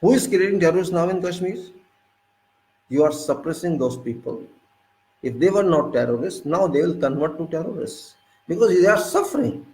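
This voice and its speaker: An indignant political commentator with an Indian English accent lectures through a string of rhetorical questions. His slightly high, darkish voice moves at normal speed with lively intonation, and the rough recording sounds roomy.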